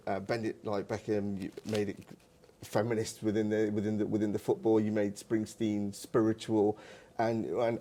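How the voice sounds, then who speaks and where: A man hosting a podcast, asking long questions haltingly with many restarts. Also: mid-range voice, mellow. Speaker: podcast host. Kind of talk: interview questions.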